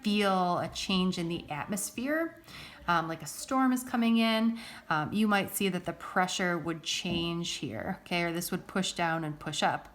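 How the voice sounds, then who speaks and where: A woman's voice: on the low side, a little slow. A woman teaching a recorded science lesson in a casual, chatty way, often checking in with the listener.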